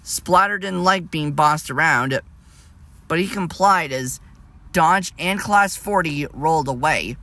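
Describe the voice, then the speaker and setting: A man narrating a storybook tale in a plain, steady reading voice with small slips. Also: on the high side, slow pace.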